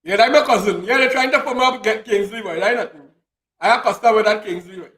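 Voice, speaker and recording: Talking fast in a high, fairly bright voice, a man hosting a casual chat lectures with plenty of repetition. He hammers points home by repeating phrases, and the recording has an echoey room sound.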